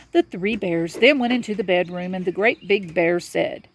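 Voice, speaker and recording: A woman reading a children's storybook aloud to a young child in a lively storyteller's manner. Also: lowish voice, moderate pace, few pauses.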